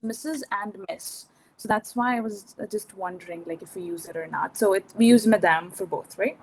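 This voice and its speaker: A woman's voice: medium pitch, moderate pace, slight background noise, rough recording. A woman student on a video call, asking hesitant questions with many fillers.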